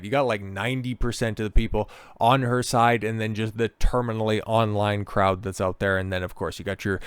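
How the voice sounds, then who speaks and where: This is a male host delivering a commentary vlog in a sarcastic, mocking voice. His tone is smooth and clear, at a middle pitch. The sound is dry and close. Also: no echo.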